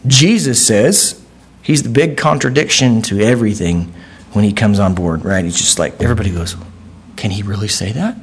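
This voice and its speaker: A man preaching a sermon in a conversational way, checking in with the congregation with frequent asides and climbing in pitch when he quotes scripture. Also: moderate pace, husky. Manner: animated, pitch jumps when quoting. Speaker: pastor.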